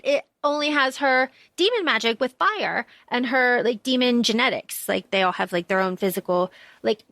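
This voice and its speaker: A young woman co-hosting a podcast, chatting casually about a story, blunt and quick to swear while acting out characters' lines. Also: high-pitched, fairly bright tone, dry recording. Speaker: podcast co-host. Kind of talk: casual fan discussion.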